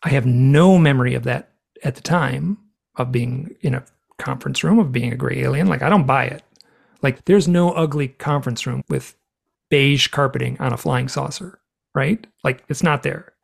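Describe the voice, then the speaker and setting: A man, a guest author in an interview, tells a personal story with animated energy, acting out the dialogue as he goes. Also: mid-range voice, normal speed, creaky, husky. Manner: animated, acts out dialogue while retelling events.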